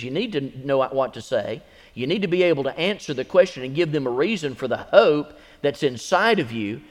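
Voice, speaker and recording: A man preaching a sermon as pastor, moving from conversational storytelling to shouted, drawn-out exhortation. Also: on the high side, big-room sound.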